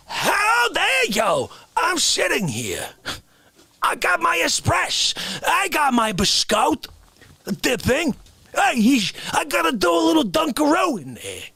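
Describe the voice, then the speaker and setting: A man's voice: high-pitched, creaky, a bit bright, slightly rough, no room sound, full character voice. A man doing a blustering indignant president. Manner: exclaiming, indignant.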